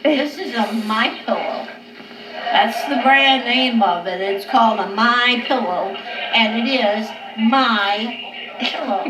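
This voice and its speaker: A medicated woman in a loopy, drowsy state, filming herself casually in her living room at night. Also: fairly high pitch. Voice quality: slow, drawn-out, slightly slurred talk. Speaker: vlogger. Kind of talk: casual home video. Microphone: handheld camera. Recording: noisy home camcorder.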